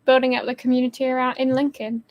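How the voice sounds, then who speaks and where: High-voiced young woman, rambling casually. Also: level tone, fast talker, highs cut off. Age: young adult. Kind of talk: casual livestream chat.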